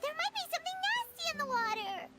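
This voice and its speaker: A woman voicing a small chirpy female fairy companion in a game, talking about herself by name with a high, childlike voice. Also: sing-song, fast talker, exaggerated voice. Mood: worried. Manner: bossy, fretful, talks of herself by name. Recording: game audio over loud music. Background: game music.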